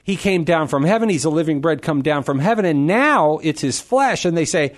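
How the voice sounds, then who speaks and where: A middle-aged man hosting a call-in radio show, explaining Scripture to a caller in an animated, emphatic way and acting out crowd voices for humor. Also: a little high, a little fast, hardly any pauses. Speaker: Catholic radio host answering a caller. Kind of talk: call-in radio Bible teaching.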